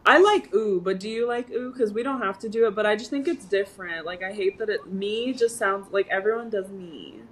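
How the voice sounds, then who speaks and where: A woman's voice: medium pitch, a little fast, hardly any pauses, poor audio. Chatty young woman, playful and giggly. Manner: giggly, animated, trying out made-up words. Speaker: co-host. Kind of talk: casual chat.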